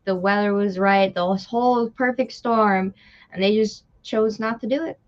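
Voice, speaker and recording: A woman co-hosting a live wrestling watch party stream, chatting casually in a relaxed, drawn-out way. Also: medium pitch, highs cut off. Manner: relaxed, drawn-out, sleepy banter. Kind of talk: casual live reaction chat.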